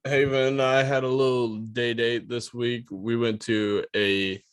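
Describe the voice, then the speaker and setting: A man's voice: mid-range voice, flat delivery, unhurried, clear, resonant tone, dry recording, studio quality. A man co-hosting a casual podcast, telling rambling stories in a laid-back way, laughing often and swearing. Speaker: podcast co-host. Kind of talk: casual storytelling chat.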